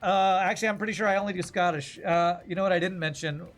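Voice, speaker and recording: A man's voice: high voice, steady tone, fast talker, a bit bright. Guy streaming a card game, joking around w chat, faint music behind. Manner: chatty, jokey, talks to chat while playing. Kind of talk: casual gameplay commentary.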